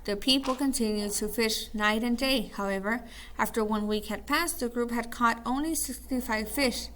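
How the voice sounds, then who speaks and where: A woman's voice: fairly high pitch, normal speed, a bit bright, a little hiss or hum. A woman teacher running a call-and-response word drill, then reading a story aloud with small slips and restarts.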